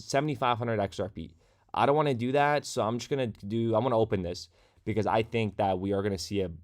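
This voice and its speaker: A man hosting a casual crypto livestream, chatty and talking straight to his viewers, at a desk microphone in a room at home. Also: mid-range voice. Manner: chatty, reads viewer comments aloud.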